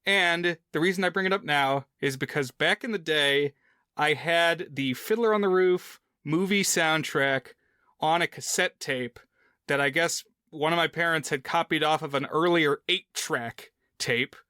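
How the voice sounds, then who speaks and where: A man co-hosting a film podcast, asking discussion questions and reflecting on memories in casual, measured chat. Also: on the high side, bright, forceful tone, clear, resonant tone, no room sound, studio quality. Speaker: podcast co-host.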